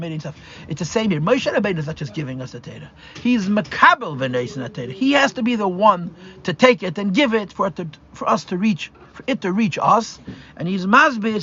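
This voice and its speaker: This rabbi's voice is fairly high, fairly bright, and husky as he teaches a live Torah class. He thinks aloud with restarts, explains step by step, and uses Hebrew and Yiddish terms, heard through a dull lo-fi recording of the class.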